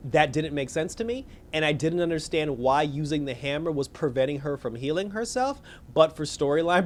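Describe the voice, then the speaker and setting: A man recapping a movie plot in a casual, slangy, profane way, acting out characters' lines as he goes. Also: fairly high pitch. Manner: animated, slangy, profane, retells scenes with quoted voices. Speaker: movie reviewer.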